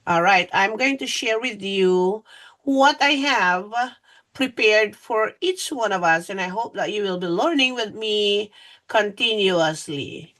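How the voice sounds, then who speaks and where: A woman's voice: mid-range voice, animated, takes it slowly, a bit bright. A woman teacher giving a phonics lesson to young children, patient and repetitive, often saying "all right".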